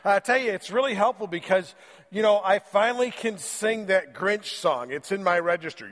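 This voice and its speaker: A man's voice: high-pitched, moderate pace, fairly bright tone, big-room sound. A man preaching a sermon in church while fighting a cold, in a joking, conversational way. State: has a cold, voice lowered. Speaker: pastor. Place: church sanctuary.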